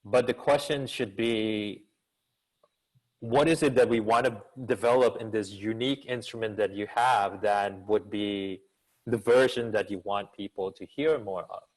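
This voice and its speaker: Unhurried and lowish-voiced, a man who teaches at a business school and coaches communication responds to questions in a video-call seminar. He uses an actor's expressiveness, an energetic coaching manner, and lots of rhetorical questions. The recording sounds rough.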